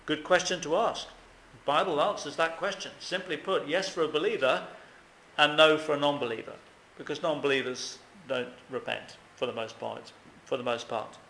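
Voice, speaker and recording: A man's voice: fairly high pitch, normal speed, sharp tone, reverberant, a little hiss or hum, poor audio. A man preaching a sermon, earnest and emphatic, often asking questions of his listeners.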